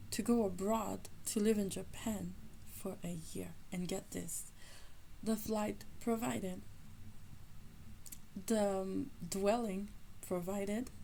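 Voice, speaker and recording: A woman telling a personal faith testimony in an animated storytelling manner, often acting out the people in her story. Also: mid-range voice, creaky, a little hiss or hum, rough recording. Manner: animated, acts out quoted people. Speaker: faith teacher sharing a testimony.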